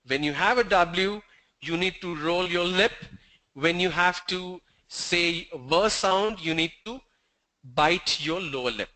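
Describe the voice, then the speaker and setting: A man teaching pronunciation, slowly demonstrating sounds with repeated example words. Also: sits high, bright, forceful tone, low-quality recording. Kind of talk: classroom pronunciation lesson.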